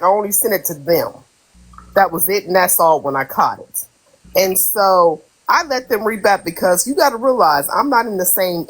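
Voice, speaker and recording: A woman with a fairly low voice speaks emphatically on a live stream. Her manner is motherly, drawing out her phrases. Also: slightly rough, low-quality recording. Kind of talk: casual live-stream chat.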